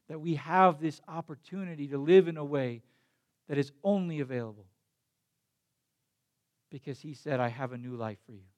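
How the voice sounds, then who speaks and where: A man's voice: mid-range voice, a little mellow. A young adult man preaching a sermon as a pastor, telling a story in a conversational way that builds to emphatic passion.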